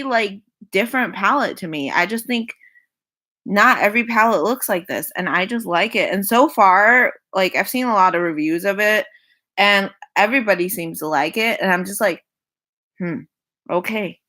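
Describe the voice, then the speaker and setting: A woman's voice: mid-range voice, normal speed, sharp tone. A young woman in her twenties casually chatting through a makeup wishlist, repeating herself, sighing and laughing between items. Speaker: makeup vlogger. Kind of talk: casual product rundown.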